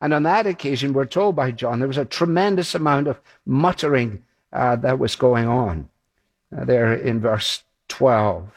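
A man's voice: medium pitch, measured pace. A man preaching a sermon, walking through a Bible passage in a conversational way and acting out the quoted voices.

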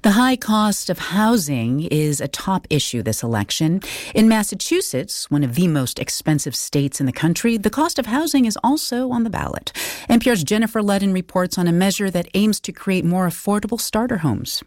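A female news anchor reading a story introduction in a crisp, polished way. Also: mid-range voice, big pitch swings, moderate pace, darkish tone, no room sound, clean studio sound.

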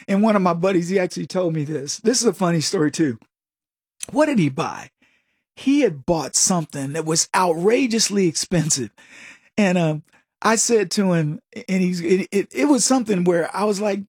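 An older male host with a high, husky voice, recorded dry and close. He gives casual, mocking commentary and laughs a lot between points. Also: normal speed, dry recording. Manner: animated, laughs often, mocking. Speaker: talk show host.

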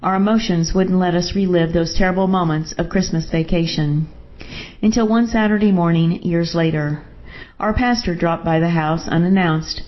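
Low-voiced woman reading a story. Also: normal speed, muffled recording. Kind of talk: first-person story narration.

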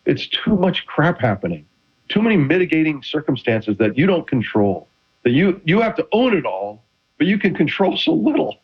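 A man's voice: a little high, normal speed, slightly rough. Casual middle-aged guy, lots of restarts, swingy voice, muffled lo-fi audio. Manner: animated storytelling with many restarts. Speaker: retired quarterback guest. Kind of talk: casual interview chat. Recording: dull lo-fi audio.

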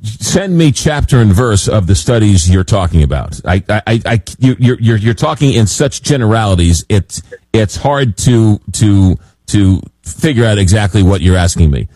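A man hosting a late-night call-in radio show, reading listener messages and talking with callers, often halting on fillers. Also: lowish voice, animated, a little mellow, dry recording, poor audio.

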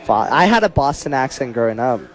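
A man's voice: mid-range voice, big pitch swings, fairly quick. A young man co-hosting a sports show, chatting casually and stumbling over repeated words. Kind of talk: casual on-air banter.

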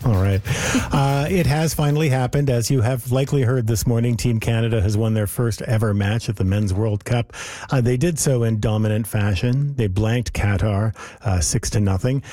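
Male morning radio host, mellow tone, dry close sound, friendly and easygoing. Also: medium pitch, normal speed, few pauses, no room sound. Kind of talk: live radio hosting.

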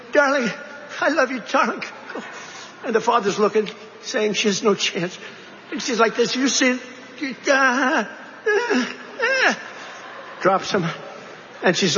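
A man's voice: sits high, a bit bright. Male rally speaker, boastful and rambling, slightly dull, roomy sound with faint noise behind. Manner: digressive, boastful, joking asides.

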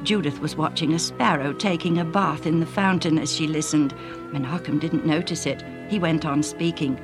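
A woman narrating a storybook in a calm, measured way. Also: sits low. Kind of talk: storybook reading. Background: music.

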